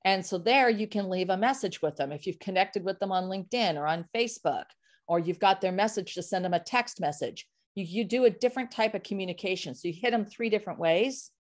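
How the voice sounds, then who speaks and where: Woman, sales coach, podcast guest, casual interview, animated, emphatic, medium pitch. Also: a little fast. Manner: animated, emphatic, talks in vivid examples.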